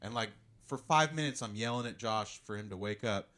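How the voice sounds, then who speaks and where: A man's voice: on the low side, a little fast. A man co-hosting a podcast, telling stories casually and swearing freely. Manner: animated storyteller, swears freely. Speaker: podcast co-host. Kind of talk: casual chat.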